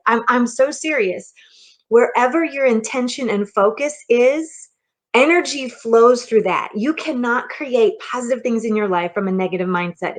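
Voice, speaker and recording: A middle-aged woman, a minister and mindset coach, giving an earnest, conversational motivational sermon, often checking in with the listener. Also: a little high. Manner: earnest and conversational, with frequent restarts and "okay?" check-ins.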